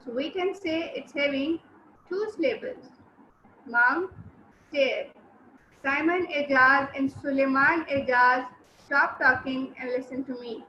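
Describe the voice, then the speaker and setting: A woman teacher, giving an online class, repeating words and syllables slowly and giving brisk commands to students. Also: sits high, fairly even intonation, pushed and bright, slight background noise. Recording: roomy, slightly dull sound.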